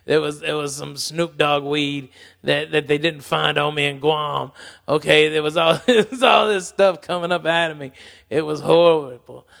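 A man hosting a podcast, telling a story in a rambling, halting way, swearing freely. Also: fairly high pitch, fairly even intonation, vocal fry, fairly bright tone, long reverb tail. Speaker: podcast host. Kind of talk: storytelling, casual talk.

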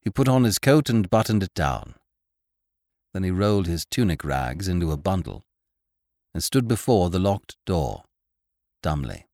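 Deep-voiced male storyteller, slow and expressive. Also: no echo, studio quality. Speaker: audiobook narrator and podcast host. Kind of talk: scripted narration.

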